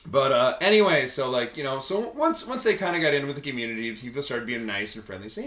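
Male podcast co-host, rambling crude storyteller, bright voice, roomy echo. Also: medium pitch, animated, quick pace. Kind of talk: casual chat, storytelling.

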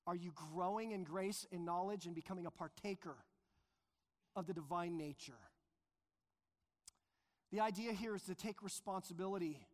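A man preaching a sermon as pastor, earnest and emphatic, slowing down to stress key phrases. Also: high-pitched. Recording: long reverb of a large hall.

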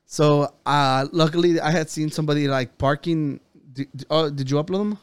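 A man's voice: a little high, steady tone, moderate pace, clean tone, dry recording. A man, a podcast co-host, telling a long story in casual chat, rambling, swearing and quoting himself and others.

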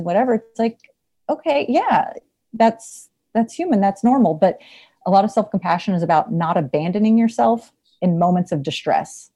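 A woman's voice: medium pitch, expressive, moderate pace, dark tone. A woman in casual conversation, talking reflectively with many fillers and frequent laughs.

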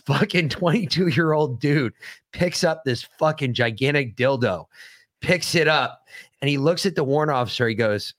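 A man's voice: medium pitch, fairly bright tone, no room sound. Profane storytelling man, dry sound. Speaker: podcast host. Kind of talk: casual storytelling chat.

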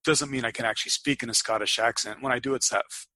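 A man's voice: mid-range voice, fairly even intonation, quick pace, pushed and bright, no room sound. A middle-aged American man co-hosting a podcast, chatting casually and often repeating words as he starts a sentence. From United States. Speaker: podcast co-host. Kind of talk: casual chat.

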